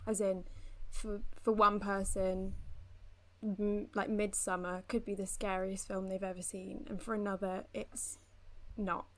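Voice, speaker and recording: A woman's voice: mid-range voice, level tone, measured pace, a bit bright. A woman co-hosting a podcast, chatting in a playful, giggly way. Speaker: podcast co-host. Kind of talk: casual chat.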